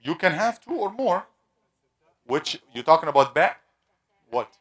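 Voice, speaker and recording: A man teaching a classroom lesson, asking students questions and slowly repeating sounds to demonstrate pronunciation. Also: fairly high pitch, big pitch swings, fairly bright tone. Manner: conversational, asks the class questions. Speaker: Quran recitation teacher.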